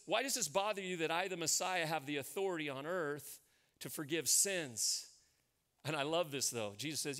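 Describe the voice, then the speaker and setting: Emphatic American pastor preaching a sermon. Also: male voice, on the high side, moderate pace, pushed and bright. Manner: storytelling, emphatic, repeats key phrases.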